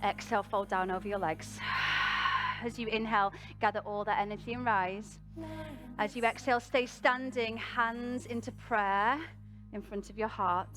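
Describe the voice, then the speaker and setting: A woman's voice: mid-range voice, fairly even intonation, moderate pace, fairly bright tone, faint music behind. A woman with a British accent teaching a live yoga class, guiding poses and breath with rousing encouragement and a self-mocking laugh. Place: live event venue, music playing.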